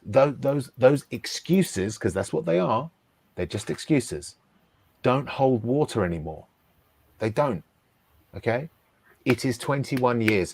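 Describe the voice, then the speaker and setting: A man's voice: mid-range voice, a little mellow, dry recording. A man ranting emphatically on a football podcast, hammering his points and asking "okay?" again and again. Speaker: podcast host. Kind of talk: heated football talk.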